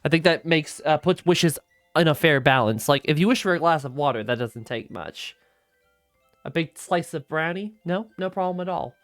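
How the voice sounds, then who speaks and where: A woman's voice: deep voice, moderate pace, no echo, soft background music. A woman giving casual, rambling let's play commentary, swearing freely as she goes. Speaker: gaming streamer.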